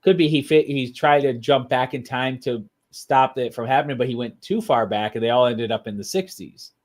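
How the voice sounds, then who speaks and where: Man, podcast co-host, relaxed agreeable chat, mid-pitched voice. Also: normal speed. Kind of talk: casual chat.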